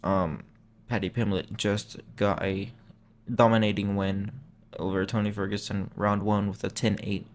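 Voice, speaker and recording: A man's voice: lowish voice, flat delivery, measured pace. A young man hosting a channel, talking in a casual, rambling way that is full of slang and self-corrections. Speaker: MMA channel host. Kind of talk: casual chat.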